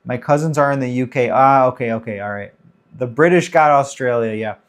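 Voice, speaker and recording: A man's voice: medium pitch, a little fast. A man in his thirties hosting a casual livestream Q&A, chatting loosely and greeting viewers by name as he reads the chat. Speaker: livestream host.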